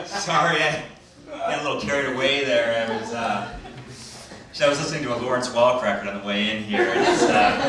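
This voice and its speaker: A man doing a deadpan, self-deprecating stand-up comedy set. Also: mid-range voice, heavy background noise. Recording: echoey club from far off. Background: crowd laughter.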